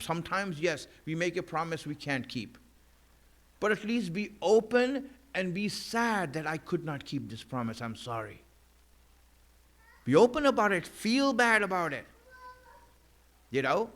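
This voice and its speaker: A man's voice: sits high, a bit bright. A man delivering a sermon in a conversational way, with many "you know" fillers and emphatic repeated lines. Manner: emphatic repetition of key lines. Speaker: preacher.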